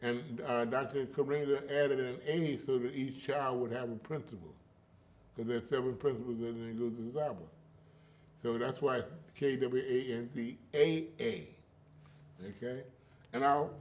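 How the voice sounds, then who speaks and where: A man's voice: medium pitch, normal speed, darkish tone. Older guy being interviewed, easygoing storyteller, keeps saying you know and okay, rhythmic delivery. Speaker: interviewee, griot. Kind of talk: casual conversational storytelling.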